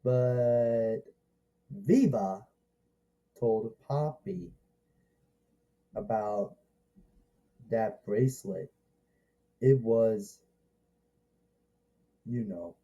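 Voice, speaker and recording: Man, casual movie reviewer, slow rambling delivery with lots of restarts, very dark mellow tone. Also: mid-range voice, highs cut off. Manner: rambling and halting, with many restarts and excited exclamations.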